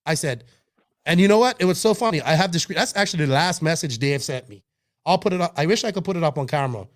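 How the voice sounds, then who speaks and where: Co-hosting a hobby podcast, a fast-talking man with a fairly high, expressive voice chats casually. He's heated and forceful, swearing a lot and frequently starting over mid-thought.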